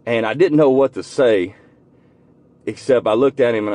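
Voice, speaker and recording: Guy in his car telling a heartfelt story, folksy and earnest, gets soft and quiet. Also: medium pitch, moderate pace, pauses often. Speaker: vlogger. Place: inside a car.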